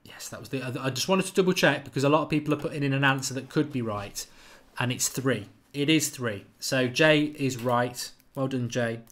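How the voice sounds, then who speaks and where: A man hosts a live football quiz stream. He chats casually and reels off viewers' names and answers at a quick clip. His voice sits at an ordinary middle pitch. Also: fairly bright tone. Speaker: football channel host running a live quiz. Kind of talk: live-stream chat reading viewer comments.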